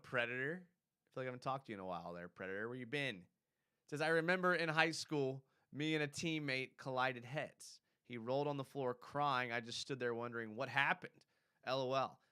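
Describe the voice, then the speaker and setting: A man with a medium-pitched, clean voice hosts a fan live stream. He's animated, casually reading viewer comments aloud and laughing as he reacts.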